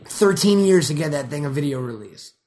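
A man co-hosting a casual podcast chat, excitable and swearing freely, acting out bits loudly. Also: fairly high pitch, fairly quick. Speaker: podcast co-host.

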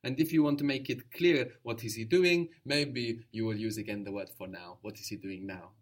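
Patient man teaching a language lesson. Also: on the low side. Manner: patient, encouraging, explains slowly with repetition.

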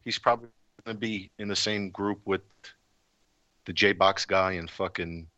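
A low-voiced man with a bright, sharp tone drops wry asides beside the host. His pitch moves a lot, and the sound is dry and close. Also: steady tone, unhurried, dry recording. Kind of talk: casual chat.

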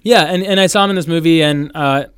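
A man's voice: a little high, quick pace, smooth, no room sound, clean studio sound. A young man chatting as a podcast guest, telling stories in an easygoing way. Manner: easygoing storyteller. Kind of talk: casual chat.

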